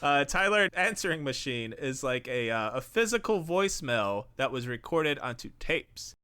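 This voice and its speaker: Bright-voiced profane podcast host man. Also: medium pitch, sing-song, normal speed, smooth. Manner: casual, profane, laughs often. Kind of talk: scripted narration with banter.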